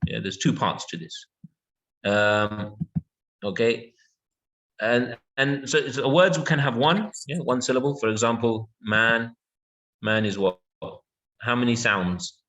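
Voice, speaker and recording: A man's voice: medium pitch, slow, fairly bright tone, low-quality recording. A man teaching an English lesson, patiently repeating words and checking that his student follows.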